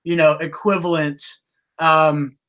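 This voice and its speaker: A man co-hosts a podcast in relaxed conversation. His voice sits a little high and rings bright and forceful. He talks in halting bursts, restarting phrases and slipping into animated voices for the people in his stories. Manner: halting storytelling with many restarts; animated, acts out quotes. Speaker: podcast co-host. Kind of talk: casual podcast chat.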